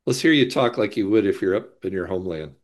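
A man from North Carolina who leads a seminary, chatting in a relaxed, matter-of-fact way. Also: lowish voice, fast. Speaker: seminary president, podcast co-host. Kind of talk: casual chat.

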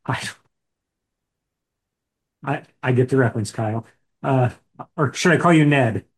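A man's voice: mid-range voice, unhurried. Joking man hosting a podcast. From Indiana. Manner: joking, rambling with restarts. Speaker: podcast co-host. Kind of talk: casual chat.

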